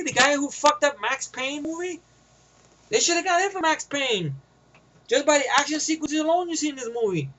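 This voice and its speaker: A man's voice: very high voice, expressive, moderate pace, sharp tone, slight background noise, low-quality recording. A man with a New York accent giving a rambling, profane, casual movie review, often getting sidetracked.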